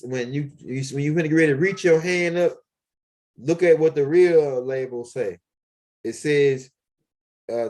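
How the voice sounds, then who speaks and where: A man's voice: medium pitch, darkish tone. A man, rambling casually and profanely as he walks around his home, with lots of fillers. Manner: loose, profane street talk with many fillers. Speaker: video blogger. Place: at home, walking around the house and backyard.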